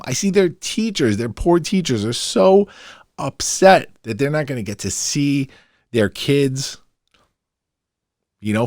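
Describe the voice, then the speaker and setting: A man's voice: mid-range voice, darkish tone, no room sound, clean studio sound. A brash, emphatic middle-aged man, hosting a podcast in an opinionated monologue. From New York, Long Island. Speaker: podcast host.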